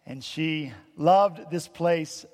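Male pastor, bright higher voice, conversational sermon, long church reverb. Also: extremely slow. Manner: earnest, conversational preaching with rhetorical asides. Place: church sanctuary.

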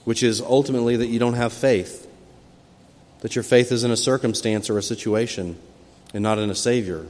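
A mid-pitched man preaches a sermon in a church, and his voice rings with a long hall reverb. He tells the story in a lively way and breaks into loud, high cries when he voices the people in it. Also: a little fast. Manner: expressive storytelling, acting out quoted cries with sudden loud rises. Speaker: pastor. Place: church sanctuary.

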